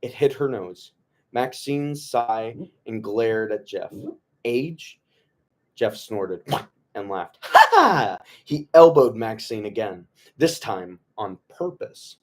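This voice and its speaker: A man reading a novel aloud to his book club in a relaxed way, stumbling over words, rereading lines and tossing in joking asides. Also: lowish voice, takes it slowly. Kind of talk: casual read-aloud of a novel.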